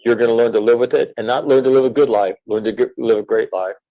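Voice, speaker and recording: A middle-aged man, a former Marine, talking in an earnest, measured way with frequent fillers as an interview guest. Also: medium pitch, fairly even intonation, warm tone, rough recording. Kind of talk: reflective interview talk.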